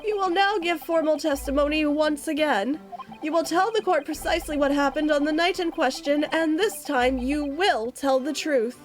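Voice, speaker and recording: A woman's voice: high voice, moderate pace, faint music behind, lightly acted. A woman voicing a stern male prosecutor in a cold, commanding, formal tone.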